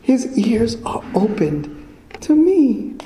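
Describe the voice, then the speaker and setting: A man preaching a sermon to a congregation in a church, repeating his points slowly and quizzing the listeners with fill-in questions. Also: extremely high pitch, very animated, mellow, slight background noise. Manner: slow, emphatic repetition. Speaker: pastor. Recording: echoey church room.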